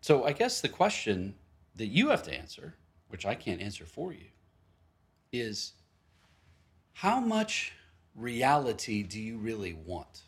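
A man's voice: on the low side, wildly swooping pitch, measured pace, long pauses. A male pastor giving a sermon in a conversational, storytelling way, with frequent asides and restarts.

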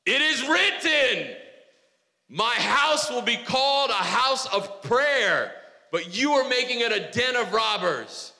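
A man putting on a fierce Scottish warrior voice for Jesus, yelling in a drawn-out battle cry. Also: very high-pitched, big pitch swings, gravelly, in a large hall, pitched above the performer's own voice, heavily acted. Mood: roaring. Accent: put-on Scottish.

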